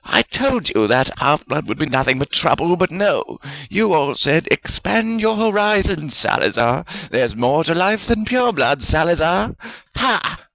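A man voicing a peevish, defensive old male wizard spirit who whines and protests in a high, sulky voice. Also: big pitch swings, measured pace, creaky, fairly bright tone, exaggerated voice, low-quality recording. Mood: whining. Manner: whiny and aggrieved, voice climbing high. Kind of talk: audiobook fan fiction reading.

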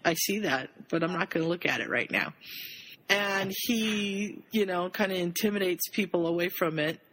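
A woman's voice: fairly low pitch, normal speed, husky, rough recording. A woman on a group call, casually retelling and reading a fan story to friends. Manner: retells the story in lively summaries.

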